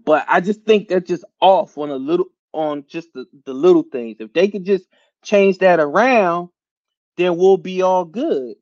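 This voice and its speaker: A man's voice: a little high, no room sound, dull audio. A man hosting a podcast, ranting casually about his team with slang, swearing and laughter. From Philadelphia area. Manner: animated, laughing, slangy and profane. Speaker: podcast host. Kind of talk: casual sports rant.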